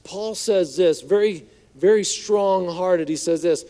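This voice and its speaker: A male pastor preaching a sermon in a conversational, joking way, slipping into hushed voices for quoted lines. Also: high-pitched, takes it slowly, hardly any pauses. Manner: conversational, playful asides, acts out quotes in hushed voice.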